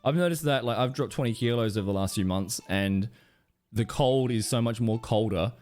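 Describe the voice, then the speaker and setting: An Australian man chatting casually and profanely with his live stream audience, rambling into animated stories. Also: medium pitch, a little fast.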